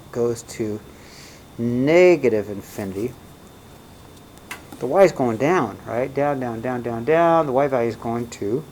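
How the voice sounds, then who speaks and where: A man's voice: medium pitch, mellow, a little hiss or hum, poor audio. A man teaching a recorded math lesson in a casual way, often checking in with "right?" and "okay?".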